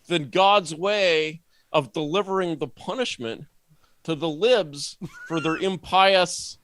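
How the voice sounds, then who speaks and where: A man talking as a podcast guest, rambling and sardonic, with many restarts and animated asides. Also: fairly high pitch, slow, no room sound. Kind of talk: casual podcast conversation.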